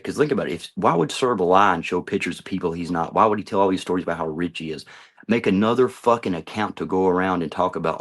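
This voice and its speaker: Middle-aged man, gravelly low voice, angry confrontational vlog rant. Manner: heated, confrontational, swearing. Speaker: vlogger. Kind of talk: ranting monologue to camera.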